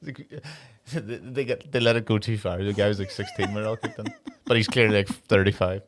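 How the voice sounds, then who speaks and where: A man, co-hosting a casual podcast chat, animated and laughing often. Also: on the low side, a little hiss or hum. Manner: animated, laughing, quick impressions. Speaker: podcast co-host.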